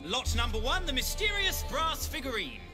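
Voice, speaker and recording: An actor voicing a pompous auctioneer in a video game who calls out bids with grand, showy flourishes. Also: male voice, very high voice, huge pitch swings, moderate pace, music in the background, exaggerated voice. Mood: grandiloquent. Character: pompous theatrical male auctioneer.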